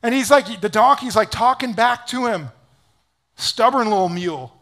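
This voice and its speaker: A man pastor preaching a sermon in an energetic, casual storytelling way, full of "like". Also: high-pitched, moderate pace.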